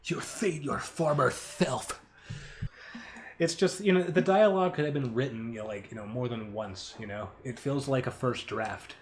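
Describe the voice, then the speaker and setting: A man's voice: medium pitch, brisk, few pauses, darkish tone, a little hiss or hum. Young man, casual creator commentary, offhand, self-mocking, laughs a lot, swears. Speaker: animator and show creator.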